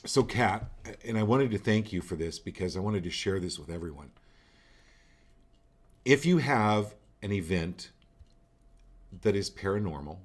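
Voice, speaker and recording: A man's voice: low-pitched, expressive, a little slow, pauses often. A man hosting a live card-reading show, speaking directly and coaching each viewer, often repeating phrases for emphasis.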